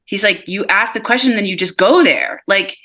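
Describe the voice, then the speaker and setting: A woman giving a live mediumship reading over a video call, relaying messages calmly and softly, often laughing between them. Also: mid-range voice. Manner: relays messages in a calm, soft, slow delivery, with frequent laughs.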